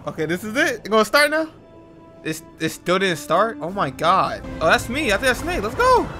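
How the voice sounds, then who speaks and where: Over clearly audible game music, a gaming channel host delivers hyped let's-play commentary full of slangy banter and loud outbursts. His pitch swings wildly as he reacts, with a sing-song lilt at a normal speed.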